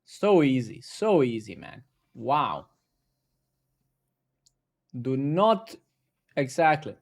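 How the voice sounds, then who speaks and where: A man's voice: medium pitch, very slow. A man casually talking to himself and his viewers while coding live, swearing and bursting out when things work. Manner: talks to himself, swears, excitable outbursts.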